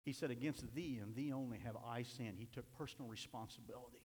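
A man preaching a sermon, swinging between impassioned shouts and hushed, quiet stretches. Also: mid-range voice, quick pace, breathy edge. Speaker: pastor. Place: church sanctuary. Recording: echoey hall reverb.

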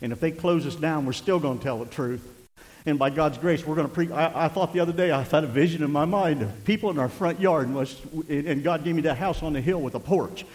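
Older guy preaching, kinda high voice, goes from shouting to quiet asides, big reverb in the church. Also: a little fast. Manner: swings from shouting to hushed asides. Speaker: pastor. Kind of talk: sermon.

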